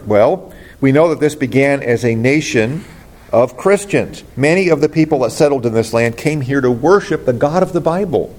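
A middle-aged man delivers a sermon from the pulpit in an earnest, direct preaching manner. His voice sits at an ordinary middle pitch, and he keeps turning to the congregation with rhetorical questions. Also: darkish tone. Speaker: pastor.

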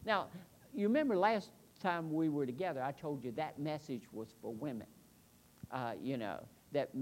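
A middle-aged man preaching a sermon in an earnest, emphatic way, slowing down to stress key points. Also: a little high, a little mellow, slight background noise. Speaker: pastor.

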